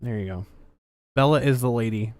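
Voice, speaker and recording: A man's voice: mid-range voice, brisk, a little mellow, clean tone, no echo, studio quality. A man hosting a casual livestream, reading viewer messages aloud with sarcastic, swearing commentary. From Canada. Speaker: livestream host.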